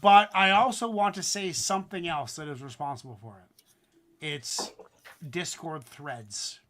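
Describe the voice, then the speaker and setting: A man hosting a livestream, judging a rap battle in loose, animated talk with some swearing. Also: on the high side, measured pace. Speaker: host. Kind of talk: casual livestream commentary.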